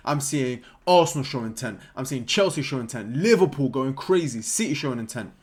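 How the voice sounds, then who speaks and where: A young man, giving an excitable, jokey football vlog and cutting himself off mid-thought. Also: mid-range voice, a little fast, hardly any pauses, husky. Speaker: football content creator.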